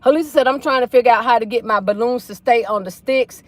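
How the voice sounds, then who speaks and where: A woman with a voice on the high side hosts a casual livestream from inside a car, talking quickly with no echo. She's chatty and folksy, reading viewer comments out loud.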